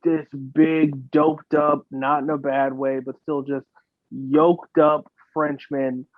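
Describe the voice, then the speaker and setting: A man's voice: fairly high pitch, level tone, takes it slowly, no echo. A man co-hosting a podcast in casual chat, swearing freely and rambling through comedic riffs. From United States. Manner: profane, rambling, mock-voices. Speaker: podcast co-host. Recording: dull lo-fi dry sound.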